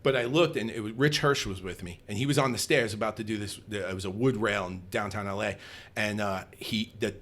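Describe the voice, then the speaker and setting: A man in his fifties telling stories in a casual chat, animated and swearing, laughing often. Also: lowish voice, a little fast. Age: 50s. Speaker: guest.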